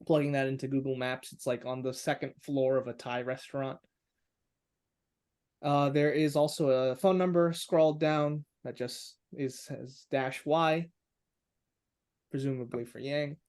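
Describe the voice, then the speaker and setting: A man's voice: mid-range voice, fairly even intonation, measured pace, a little mellow, smooth. A man narrating a tabletop game as game master, describing scenes with frequent filler words.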